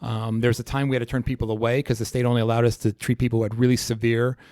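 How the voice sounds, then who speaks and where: A man talks fast in a podcast studio, keen and full of restarts as he explains his work. His voice is mellow and dark. The sound is close and dry. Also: mid-range voice, no echo. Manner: fast, animated storytelling with repeated restarts. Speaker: chiropractor guest. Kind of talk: casual podcast interview.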